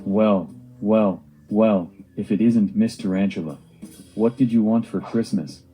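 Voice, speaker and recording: A man's voice: on the low side, measured pace, warm tone, breathy edge, soft background music, rough recording. A man voicing Santa Claus, an old bearded gift-giver in a homemade cartoon story, speaking in a plain, earnest way. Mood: jolly. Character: jolly old Santa Claus, stern when scolding.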